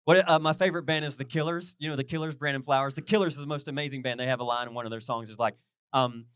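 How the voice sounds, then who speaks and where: A middle-aged man preaching a casual, conversational sermon as a pastor, chatty and animated, often asking his listeners questions. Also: mid-range voice, fast talker, clean tone, dry recording, studio quality.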